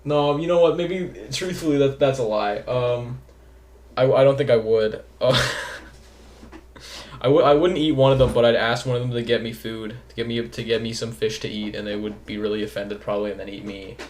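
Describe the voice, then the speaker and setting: A man's voice: mid-range voice, moderate pace, darkish tone, slight background noise. A young man hosting a casual podcast, rambling and giggling at his own jokes. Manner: giggly, rambling, self-mocking. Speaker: podcast host. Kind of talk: casual chat.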